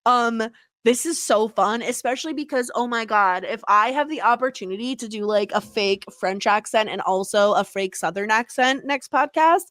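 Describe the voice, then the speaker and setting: Bubbly young woman cohosting a podcast, kinda high voice, dry close mic. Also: dry recording. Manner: bubbly, quick to laugh, animated. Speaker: podcast co-host. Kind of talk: casual chat.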